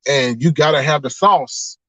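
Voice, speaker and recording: A man chatting casually on a livestream with his viewers, animated and laughing often as he drifts into preachy asides. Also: on the high side, a little slow, no echo, poor audio. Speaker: online streamer.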